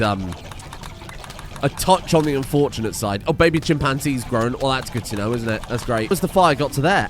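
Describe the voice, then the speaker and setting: Excitable man narrating a game. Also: mid-range voice. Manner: excitable, swears, sudden yelled outbursts. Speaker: gaming streamer. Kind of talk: let's-play commentary.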